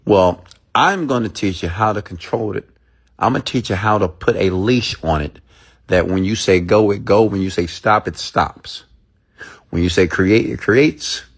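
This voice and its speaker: A motivational speaker hosting a livestream talks casually to viewers in a lowish, breathy-edged voice at normal speed. He is emphatic and repetitive, often checking in with his audience and voicing their inner thoughts in quoted asides.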